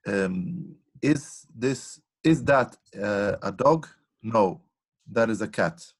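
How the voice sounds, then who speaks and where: A student reading answers aloud slowly and hesitantly in a class. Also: mid-range voice, expressive, slightly rough.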